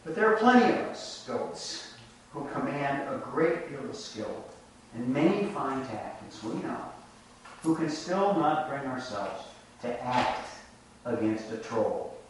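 A man's expressive, medium-pitched voice carries a reflective sermon in which he narrates a folk tale and draws out its lessons with measured storytelling. He's recorded from afar in an echoey room, with slight background noise.

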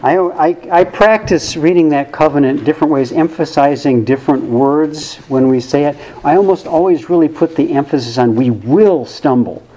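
A man's voice: a little high, normal speed, hardly any pauses, warm tone, poor audio. A man giving a conversational sermon to a church congregation, thoughtful and wry with casual asides. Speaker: worship service speaker.

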